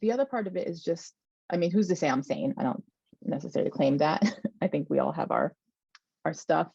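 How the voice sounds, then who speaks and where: A woman guest in casual conversation, relaxed and self-deprecating, laughing between phrases. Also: sits low, a little fast, creaky, breathy edge, dry recording. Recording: dry, dull lo-fi mic.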